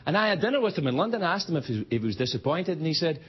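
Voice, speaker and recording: A man's voice: on the high side, big pitch swings, rapid-fire, slight background noise. A man, a late-night talk show host, delivering a jokey stand-up monologue and acting out voices in the quotes. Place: television studio with live audience. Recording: dull broadcast audio with loud audience. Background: audience laughter.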